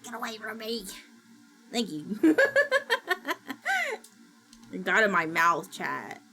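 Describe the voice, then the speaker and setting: A woman streaming, chatting casually while she works and gasping and squealing with excitement as she greets viewers. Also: medium pitch, slow pace. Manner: excitable, gasps and squeals at new followers; chatty and self-mocking, talking while working. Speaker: VTuber streamer. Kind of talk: casual livestream chat. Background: faint background music.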